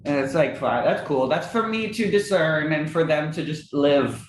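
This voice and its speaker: A man chatting casually as a musician guest in an interview, animated and laughing often. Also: normal speed. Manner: animated, acts out quoted friends in high voices, laughs often. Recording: roomy with faint ambience.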